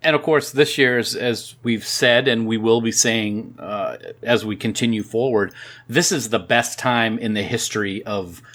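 A man's voice: on the low side, normal speed, fairly bright tone. A chatty man in his forties co-hosts a podcast with a New England accent. He talks in loose, rambling sentences and trips over his own words. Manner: chatty, self-deprecating, stumbles over words. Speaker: podcast co-host. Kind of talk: casual chat.

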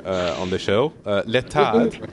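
A man's voice: fairly low pitch, huge pitch swings, measured pace, slight background noise. A man from France, hosting a casual call-in chat show, talking in a chatty way with many fillers and restarts. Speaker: podcast host.

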